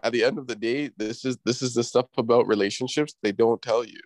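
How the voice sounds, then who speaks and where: A man's voice: mid-range voice, steady tone, brisk, dry recording, low-quality recording. A man in casual chat, giving rambling advice with heavy slang and swearing.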